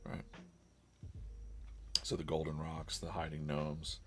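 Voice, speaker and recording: A man's voice: a bass voice, level tone, measured pace, gravelly, faint music behind. A man streaming live while drawing comics, chatting casually and rambling, with lots of laughs and silly quoted voices.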